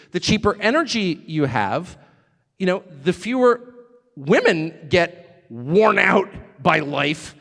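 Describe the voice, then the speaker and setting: A man giving an animated, sarcastic, off-the-cuff speech to a live audience. He digresses and laughs at his own jokes. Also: high-pitched. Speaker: speaker addressing a live audience abroad. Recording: long reverb of a large hall.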